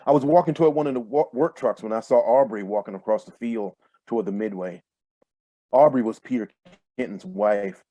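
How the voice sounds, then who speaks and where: A man reading his own first-person fiction aloud in a steady, measured way over a video call. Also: on the low side, dry recording. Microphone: computer mic on a video call.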